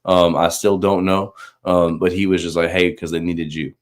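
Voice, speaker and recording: A man in his thirties with a low voice tells a personal story about faith in a loose, chatty way. He is full of fillers and restarts. He acts out the voices of the people in his story with animated bursts. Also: moderate pace. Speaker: Marine recruiter.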